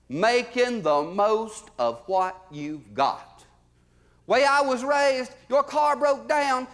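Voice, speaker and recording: A male comic with a Southern US drawl and a high-pitched voice, telling homespun stories live from a theater stage. He leans into his punchlines loudly, then drops to low, quiet asides. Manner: folksy drawling storyteller, swings between loud and low. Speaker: stand-up comedian. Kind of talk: live stand-up storytelling.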